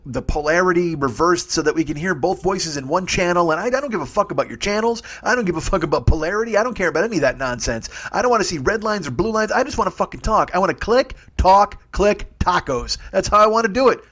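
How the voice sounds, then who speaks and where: A man in his forties rants through a solo comedy podcast from his home setup, swearing freely and jumping from one tangent to the next. He talks quickly, in a voice set a little higher than most men's. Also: a bit bright. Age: 40s. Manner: profane, rambling rant. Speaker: podcast host. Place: home studio. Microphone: studio mic with earbuds.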